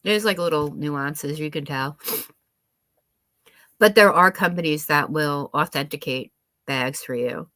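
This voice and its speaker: A woman's voice: deep voice, measured pace, long pauses, pushed and bright, dry recording. Rambling woman chatting on a live stream. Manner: rambling, many fillers and restarts. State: slightly stuffy nose. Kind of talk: casual chat.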